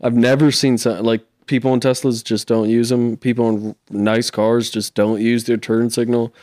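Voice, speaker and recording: A man's voice: medium pitch, level tone, normal speed, a little mellow, no room sound, studio quality. A man in casual podcast chat, ranting bluntly and with irritation about other drivers.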